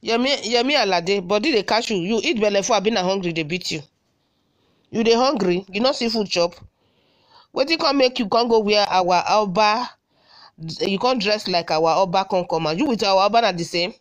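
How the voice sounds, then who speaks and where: A woman's voice: mid-range voice, fairly quick. Scolding Nigerian woman with a Benin accent. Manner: scolding, repetitive rhetorical questions. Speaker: social media commentator. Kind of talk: scolding audio message.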